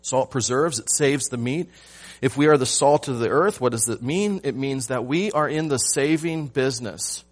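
A man preaching a sermon to his church, asking rhetorical questions and swinging from loud emphasis to hushed lines. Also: medium pitch, normal speed, soft background music. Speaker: pastor.

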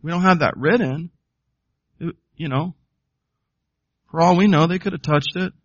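A man's voice: fairly high pitch, moderate pace, no room sound, highs cut off. A man preaching a sermon as pastor, emphatic, often putting questions to the congregation.

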